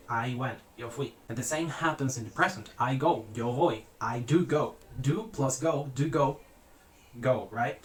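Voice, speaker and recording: A man giving a grammar lesson, explaining step by step, repeating example sentences and checking in with "right?". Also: medium pitch. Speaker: language teacher. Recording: echoey room, faint ambience.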